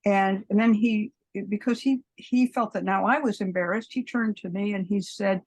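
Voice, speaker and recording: As a guest on a podcast, a woman in her seventies rambles through long anecdotes, imitating the people in them and laughing a lot. She speaks at a moderate pace with few pauses, in a medium-pitched, steady, darkish voice.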